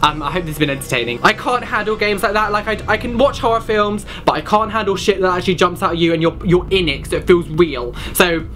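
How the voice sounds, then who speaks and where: A man's voice: high-pitched, fast, hardly any pauses, a bit bright, soft background music. A young man commenting on a horror game he is playing, jumpy and panicky, exclaiming and swearing often. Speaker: gaming channel host.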